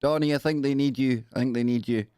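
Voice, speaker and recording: Man, livestream host, comic news commentary, joking rambling asides, mid pitch, dry close sound. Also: fairly even intonation, quick pace, dark tone, smooth, dry recording.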